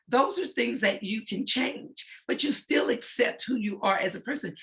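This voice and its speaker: Bright-voiced woman giving earnest advice. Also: mid-range voice. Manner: earnest, emphatic, repeats key points. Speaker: facilitator of a girls' self-image talk. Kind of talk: motivational talk to girls.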